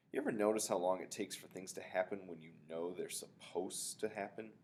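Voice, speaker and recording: A man reading a novel aloud in a relaxed first-person telling, with casual asides. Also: low voice, fairly quick, hardly any pauses, slight background noise. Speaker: reader of a novel.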